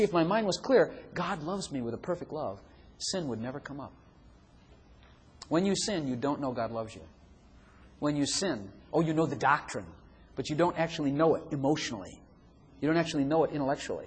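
Animated preacher man in an echoing hall. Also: a little high, slightly rough. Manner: acts out inner voices, chuckling often. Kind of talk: sermon. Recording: long hall reverb, faint room noise.

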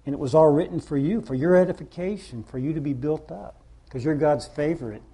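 Middle-aged male preacher, low-key and rambling, mellow husky tone. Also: brisk. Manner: rambling, conversational, self-deprecating. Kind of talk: informal sermon.

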